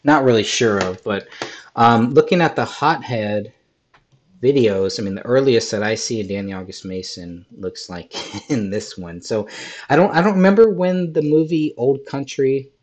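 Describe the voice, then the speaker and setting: A man hosting a podcast discussion, methodical and hesitant with frequent ums, his voice slightly hoarse. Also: medium pitch, normal speed. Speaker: podcast host.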